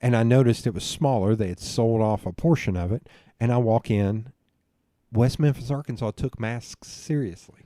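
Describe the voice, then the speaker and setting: Swearing and laughing throughout, a man on a podcast interview shares a long story in a casual, chatty way. He has a warm, medium-pitched voice at a moderate speed, recorded in studio quality with no room sound.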